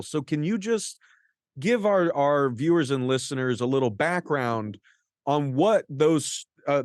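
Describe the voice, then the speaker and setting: A man's voice: on the high side, no echo. A man from the United States hosting an interview from a studio, earnest and friendly, with long, winding questions.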